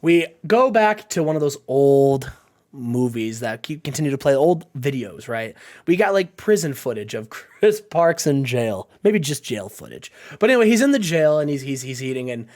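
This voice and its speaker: A man's voice: mid-range voice, big pitch swings, moderate pace, darkish tone. A man hosting a playful game commentary, chatting and retelling scenes with laughs. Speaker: gaming channel host.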